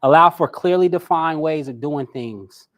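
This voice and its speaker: Guy running a live coaching class, kinda high voice, lively and talking right at the crowd. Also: moderate pace. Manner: lively, talks straight to his audience. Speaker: personality coach.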